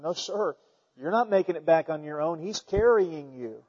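A man preaching a sermon, telling stories and swinging between loud emphatic peaks and quiet asides. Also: on the high side, normal speed, slightly rough, in a large hall, highs cut off.

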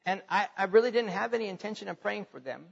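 High-voiced pastor preaching in an echoing hall. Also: male voice, lively intonation, fast, vocal fry, lo-fi sound. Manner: conversational preaching, rising to emphatic when quoting scripture. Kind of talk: sermon.

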